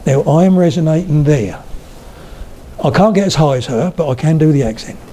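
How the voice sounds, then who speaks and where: A man's voice: a little high, lively intonation, moderate pace, warm tone. An older man giving a humorous public talk on regional accents, telling anecdotes and demonstrating mouth shapes. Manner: storytelling, demonstrates accents, chatty asides. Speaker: lecturer on accents. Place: hall with a live audience.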